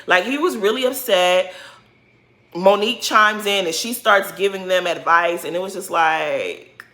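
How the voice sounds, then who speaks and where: A woman gives a sassy, animated recap of a reality show and talks straight to the people in it. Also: medium pitch, normal speed. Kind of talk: casual recap commentary.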